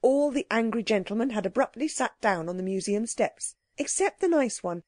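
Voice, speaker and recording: A woman narrating a children's audiobook with clear, expressive storytelling. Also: a little high, moderate pace, no room sound, clean studio sound.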